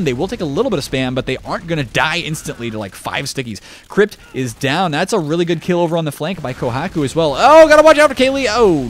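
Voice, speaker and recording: A young man casting a competitive online game solo, chatty and jokey, talking to the viewer and jumping up in pitch on big plays. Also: a little hiss or hum. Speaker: shoutcaster. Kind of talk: esports play-by-play commentary.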